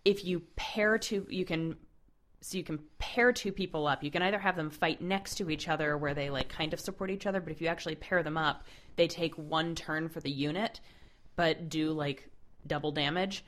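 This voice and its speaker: A woman co-hosting a podcast in a casual chat. Her voice sits on the low side, and she tells stories with animated enthusiasm. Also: moderate pace. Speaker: podcast co-host.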